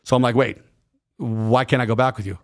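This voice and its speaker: Gravelly man telling a profane story. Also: medium pitch, brisk. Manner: profane, animated, acts out quoted dialogue. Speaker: podcast guest. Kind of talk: casual storytelling.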